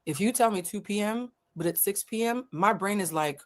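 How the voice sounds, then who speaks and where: Animated, profane woman telling a story. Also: normal speed. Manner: animated, blunt and profane, acts out dialogue with big pitch jumps. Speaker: host of a livestream, emotional intelligence coach. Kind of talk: casual storytelling to a live audience.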